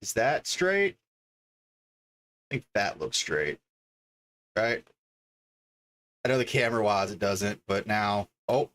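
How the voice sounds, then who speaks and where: A man's voice: fairly low pitch, lively intonation, a little slow, long pauses, a bit bright. A man livestreaming from his home desk, chatting casually and thinking aloud as he reads out card names one after another. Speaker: livestreamer opening card packs.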